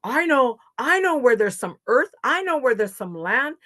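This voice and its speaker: A woman's voice: high-pitched, big pitch swings, takes it slowly, a bit bright, voice pushed up, heavily acted. A woman voicing a small male water creature telling others where to find earth. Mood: urgent. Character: little male water swimmer creature, excited.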